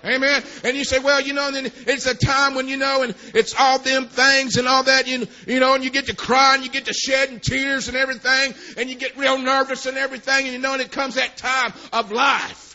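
High, bright-voiced preacher saying amen. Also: male voice, little pitch movement, brisk, few pauses, lo-fi sound. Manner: punctuates phrases with "amen", swings to shouting. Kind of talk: sermon.

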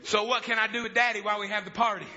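Preacher doing a scheming, fussy grown daughter; high, bright male voice on lo-fi tape. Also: little pitch movement, racing. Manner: fussy, hushing. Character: scheming grown daughter hiding her pious father. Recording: dull lo-fi sermon recording.

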